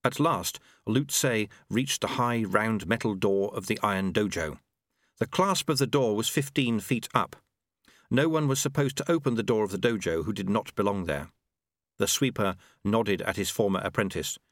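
A man narrates an audiobook from a script, his storytelling wry and expressive. His pitch is fairly low and his speed normal, recorded dry with clean studio sound.

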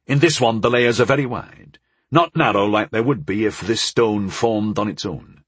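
A man voicing a wise, calm old male hedge mage who speaks slowly in a low, measured, husky voice. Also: no echo.

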